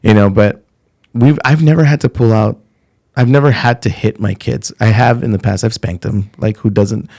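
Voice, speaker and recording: A man's voice: lowish voice, normal speed, creaky, darkish tone. A middle-aged man, a comedian guest on a podcast, telling blunt, profane, rambling stories in casual chat.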